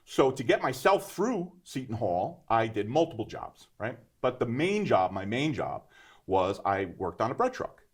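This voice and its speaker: A man in his fifties, a business owner telling his life story in an interview, animated and full of "right?" asides. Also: medium pitch, normal speed, breathy edge. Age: 50s. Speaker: guest entrepreneur.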